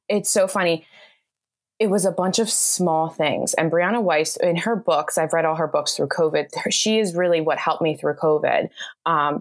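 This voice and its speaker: A woman, a bridal makeup artist from the United States, talking in a casual, effusive way as a podcast guest. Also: lowish voice. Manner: effusive, talkative, laughs often. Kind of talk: casual interview chat.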